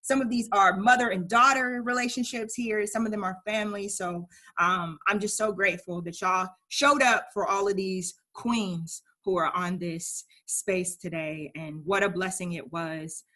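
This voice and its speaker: A woman's voice: mid-range voice, steady tone, normal speed, few pauses, bright, forceful tone. A woman hosting an online poetry segment and performing her own spoken-word piece with emphatic, rhythmic delivery. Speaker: poet and event host.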